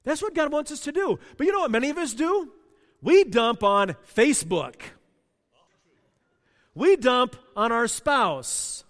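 A male pastor preaching a sermon with passion, dropping to a hush and then rising to loud emphasis. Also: very high voice, sing-song, a little slow, big-room sound. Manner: passionate, swings from hushed to loud.

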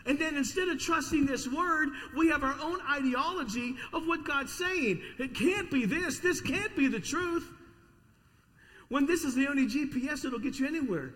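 A man preaching a sermon to a congregation in a church, energetic with call-and-response. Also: very high voice, moderate pace, long reverb tail. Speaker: pastor. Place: church sanctuary.

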